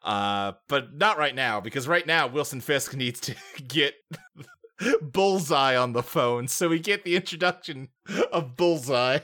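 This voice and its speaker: A man with a bright, forceful voice talks through a film's plot in a relaxed podcast chat. He walks through each scene in detail and breaks into chuckles as he goes. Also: medium pitch, measured pace. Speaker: podcast co-host. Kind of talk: casual movie recap chat.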